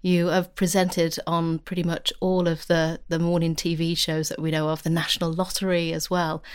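A woman's voice: lowish voice, level tone, moderate pace, clean tone, no echo, clean studio sound. A woman hosting an interview, complimentary and chatty, with laughing asides. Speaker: interviewer and podcast host. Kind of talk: casual interview chat.

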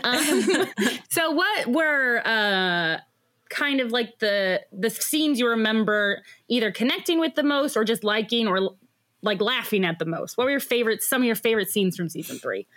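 A woman co-hosting a casual chat about the drama she acts in. Her voice sits a bit high and swings widely in pitch, and she laughs often as she talks. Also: lively intonation, normal speed, a bit bright. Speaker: actor and co-host.

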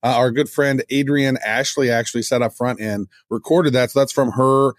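Chatting casually as a podcast co-host, a man speaks with enthusiasm but rambles and keeps restarting sentences. He has a medium pitch, fairly even intonation and normal speed. The sound is clean studio audio with no echo.

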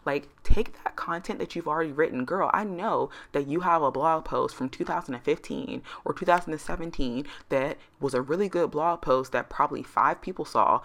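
A woman's voice: deep voice, fairly bright tone. A woman hosting her own podcast, giving casual, emphatic advice. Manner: chatty, emphatic, says "girl" and "like" often. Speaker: podcast host.

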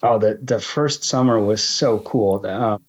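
A man's voice: on the low side, unhurried, breathy edge. A man in his fifties, a guest in casual conversation, talking thoughtfully with many restarts.

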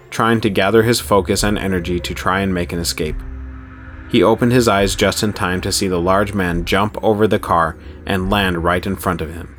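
Deep male narrator for a horror story, steady read, faint music underneath.

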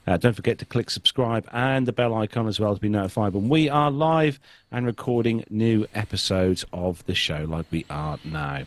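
Dry-sounding podcast host. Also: male voice, medium pitch, no room sound. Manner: relaxed, reads out names and news. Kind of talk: casual chat and news reading.

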